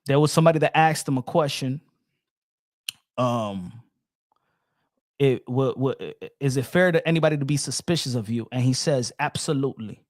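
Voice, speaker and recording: A man with talks boxing to his online audience, emphatic and repetitive, throwing questions at the chat and answering them himself. His voice sits at an ordinary middle pitch. The recording is close and dry. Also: normal speed, long pauses, no echo. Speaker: boxing commentary host. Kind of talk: animated solo commentary to viewers.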